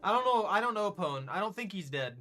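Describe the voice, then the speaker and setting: A man's voice: high voice, animated, fairly quick, bright, forceful tone, faint music behind. A man giving chatty, joking let's play commentary as he reacts to the game. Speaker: gaming video creator.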